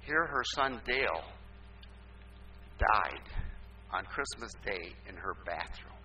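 An older man preaching a sermon as pastor, asking rhetorical questions and swinging between loud emphasis and quiet asides. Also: fairly low pitch, expressive, takes it slowly. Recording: distant mic with faint hum.

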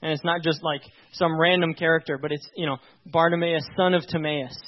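A man with a fairly high voice delivers a relaxed, conversational sermon. He talks informally and with emphasis, often turning to his listeners to check they follow. The recording sounds dull and lo-fi. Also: a little fast. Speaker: pastor.

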